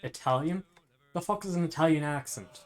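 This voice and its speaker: A man's voice: a little high, brisk. Swearing, rambling man with a raised voice. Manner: rambling, profane, loose. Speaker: streamer. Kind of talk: casual chat while cooking.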